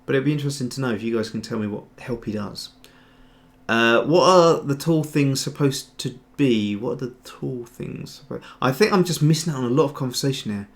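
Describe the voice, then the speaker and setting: A man's voice: mid-range voice, expressive, a little fast. Guy rambling thru a livestream tutorial, average voice, keeps trailing off and restarting. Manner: answers viewer chat while working. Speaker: host, 3D sculptor. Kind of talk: casual livestream tutorial chat.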